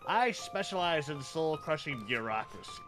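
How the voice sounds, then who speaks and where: A petty, lanky bureaucrat made of red tape, as a man voices him, talking in a dry, nasal tone. He is quiet and smug. Music plays clearly in the background. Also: a little high, expressive, moderate pace, voice pushed up, natural voice.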